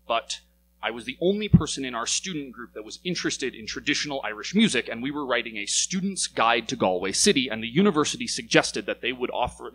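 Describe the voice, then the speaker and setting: A young American man telling a personal story at a live story slam, lively and wry, his voice climbing as the tale builds. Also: mid-range voice, slight background noise, low-quality recording. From United States. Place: stage in a small venue.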